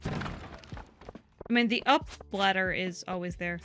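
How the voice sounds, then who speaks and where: A woman with a Southern US drawl co-hosts a game stream. She talks in a loose, rambling way at an ordinary pitch and reads viewers' comments aloud between tangents. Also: slow pace, pushed and bright, faint music behind. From southern United States. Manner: chatty and rambling, reading chat aloud. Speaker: co-host of a game livestream. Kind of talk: casual livestream chat.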